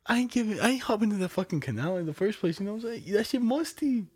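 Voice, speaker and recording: Lässiger junger Mann, trocken aufgenommen. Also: male voice, high-pitched, animated, quick pace, husky, no room sound. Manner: laid-back storytelling, swears, laughs often. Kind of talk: casual chat.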